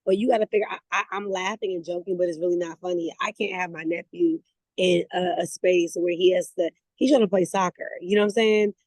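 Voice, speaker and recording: A woman leading a motivational network marketing call, talking in a lively, conversational way, repeating words and laughing as she goes. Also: on the low side, a little fast, no room sound, rough recording. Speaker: network marketing team leader. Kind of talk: motivational talk on a video call.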